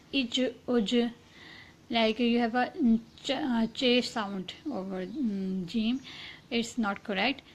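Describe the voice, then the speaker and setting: Woman, Arabic pronunciation teacher, slightly high voice, patient drilling of syllables, faint background noise. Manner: slow and patient, demonstrating sounds with repeated syllables; many fillers and restarts, often saying inshallah. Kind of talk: online lesson on Arabic letter pronunciation.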